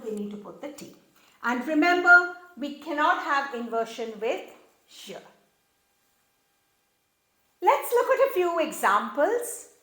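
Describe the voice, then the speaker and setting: A woman teaching a beginner language lesson, explaining step by step and slowly repeating each example sentence. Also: high-pitched, a bit bright, echoey room. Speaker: French teacher.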